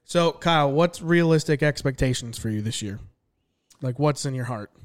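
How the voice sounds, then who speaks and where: Guy hosting a racing podcast, regular pitched voice, tells stories kinda wry and chatty. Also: animated, moderate pace. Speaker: podcast host. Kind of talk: casual podcast chat and storytelling.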